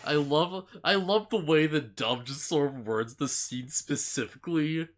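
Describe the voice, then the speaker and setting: A man's voice: on the high side, measured pace, fairly bright tone. A man co-hosting a casual podcast, recapping anime episodes in a rambling way, full of "like" fillers and laughter. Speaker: podcast co-host.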